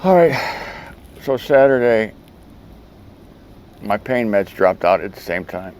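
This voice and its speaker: Guy with a low voice rambling to his phone cam about his week, ac humming in the room. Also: expressive, slow, darkish tone, slight background noise, rough recording. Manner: rambling, chatty storytelling with frequent restarts. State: speech thickened by a swollen tongue. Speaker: video show host. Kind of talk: casual video monologue.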